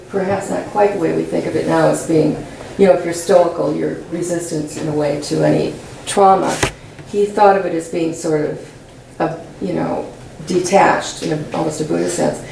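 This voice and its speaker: Gravelly woman poet in echoey room. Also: fairly low pitch, steady tone, normal speed, dark tone, a little hiss or hum. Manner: thoughtful, searching for words. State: losing her voice. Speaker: poet answering audience questions. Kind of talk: conversational Q&A after a reading. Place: college lecture room. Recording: echoey room, mic at a distance.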